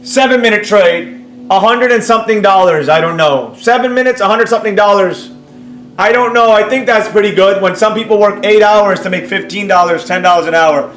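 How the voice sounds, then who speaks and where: High-voiced, animated male livestreamer. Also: brisk. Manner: animated, bursts up loudly when excited; brash, boastful, talks straight to the audience. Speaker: trading educator streaming live. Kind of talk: live-stream chat reading viewer comments. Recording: roomy sound with faint music behind.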